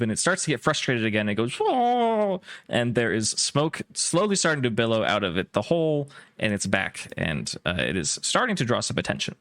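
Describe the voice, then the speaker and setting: A man narrates as game master of a tabletop game, painting scenes with filler-laced storytelling. His pitch swings widely. The sound is close and dry. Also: no echo. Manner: descriptive, lively storytelling with many ums.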